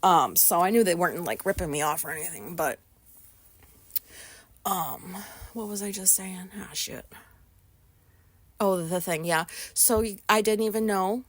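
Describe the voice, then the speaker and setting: A woman's voice: fairly low pitch, a little slow, pauses often, no echo. Brief: American woman vlogger, anxious rambling storyteller, dry close sound, swears a lot. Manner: rambling, swearing, many fillers; anxious retelling, voices others in quotes. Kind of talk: casual storytelling.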